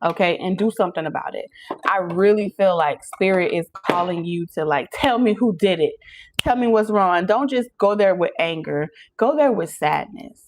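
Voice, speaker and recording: A young woman speaks in a fairly low voice, doing a chatty, emphatic channeled tarot reading. She talks straight to her listeners, often pausing to ask "okay?" between points. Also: background noise. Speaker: tarot reader. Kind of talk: channeled tarot reading, casual talk to camera.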